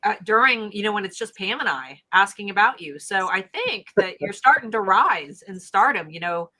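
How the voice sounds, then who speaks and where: Woman co-host, bright sharp tone, animated storyteller who stumbles over words, casual video-call chat. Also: medium pitch, normal speed. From United States. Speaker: co-host of a live Q&A stream.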